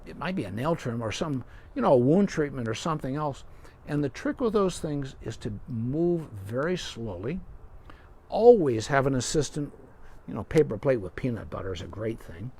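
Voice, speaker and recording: A man's voice: medium pitch, very animated, normal speed, dark tone, breathy edge. A middle-aged man, a veterinarian, patiently explaining dog care step by step in a live question-and-answer session, with folksy sayings.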